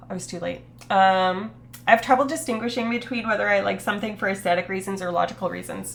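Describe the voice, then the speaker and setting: A woman streaming live, chatting to her viewers in a loose, rambling way with casual swearing. Her voice has a gravelly, creaky fry and a stuffy, sniffly nose. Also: mid-range voice, fairly even intonation, fast talker, a little hiss or hum. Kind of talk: casual livestream chat.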